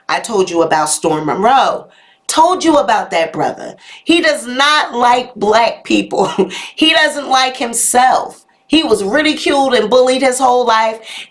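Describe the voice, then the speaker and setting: Sassy woman, slightly high voice. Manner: sassy, talks straight to viewers with "honey" and "y'all"; reads out viewer comments and reacts. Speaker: YouTube live show host. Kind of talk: live gossip commentary.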